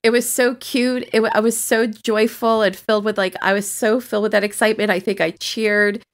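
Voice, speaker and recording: A woman co-hosting a podcast, chatting with enthusiasm about a TV show and chiming in with quick agreement. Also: medium pitch, flat delivery. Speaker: podcast co-host. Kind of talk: casual TV review chat.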